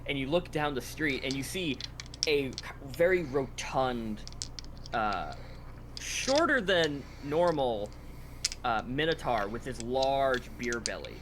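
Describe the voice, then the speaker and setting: A man narrating a tabletop game as game master, halting with frequent fillers. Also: medium pitch, animated, background noise.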